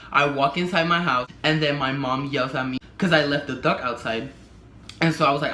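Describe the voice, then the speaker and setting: A man's voice: a little high, brisk. Young man telling a brash story in an echoey room. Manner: animated, profane storytelling that acts out other people's lines. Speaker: vlogger. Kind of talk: casual storytime vlog. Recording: echoey room with faint background hum.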